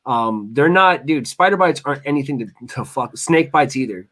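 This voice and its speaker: A man's voice: mid-range voice, lively intonation, moderate pace, a bit bright. A man, a chef hosting a casual chat, rambling through loose stories with frequent restarts and swearing. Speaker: host, chef.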